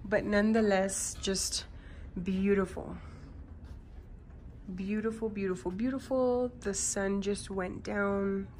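A woman's voice: medium pitch, steady tone, slow, a little mellow, a little hiss or hum, low-quality recording. A young woman in her twenties chatting casually to a handheld camera as a travel vlogger, bubbly and full of fillers. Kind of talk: casual vlog chat.

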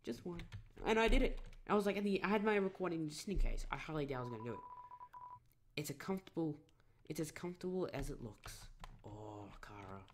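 A man's voice: on the high side, animated, quick pace, a little hiss or hum. A man rambling through let's play commentary at his computer, full of self-corrections and fillers. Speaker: gamer.

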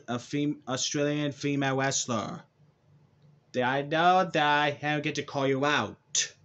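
A man cutting a rambling wrestling callout promo, halting and restarting often. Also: a little high, a bit bright. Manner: halting, with restarts and repeated words.

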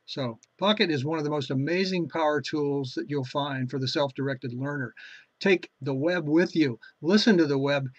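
A man talks through a tablet app in a relaxed, conversational tutorial voice. His tone is a little husky, and the recording sounds dry and muffled, like a basic home voice-over. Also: fairly high pitch, moderate pace, dry recording. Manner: casual, chatty explaining with restarts. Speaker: tutorial host.

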